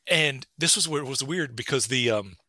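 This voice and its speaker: Animated man, bright voice. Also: normal speed, no echo. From East Tennessee. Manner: animated, rising pitch accents. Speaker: linguistics lecturer. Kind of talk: casual seminar talk with anecdotes.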